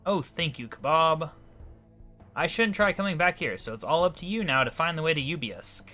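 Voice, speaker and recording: A captive goblin woman from a fantasy video game, eager and thankful, her voice lifted well above a normal speaking pitch, as a man puts her on. The tone stays bright and keen throughout. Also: expressive, normal speed, soft background music. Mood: grateful. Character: female goblin prisoner, eager and grateful.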